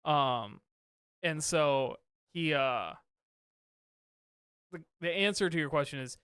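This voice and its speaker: A man's voice: a little high, slow pace, fairly bright tone, clean tone, dry recording, clean studio sound. A man in his thirties, a father and podcast co-host, chatting casually with lots of fillers and restarts. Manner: rambling, many fillers and restarts. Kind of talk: casual chat.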